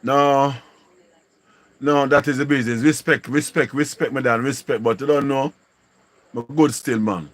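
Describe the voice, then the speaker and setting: A man's voice: medium pitch, fairly even intonation, moderate pace, long pauses, no echo. A man with a Jamaican accent hosting a casual live stream, greeting viewers and repeating slangy catchphrases. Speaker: livestream host.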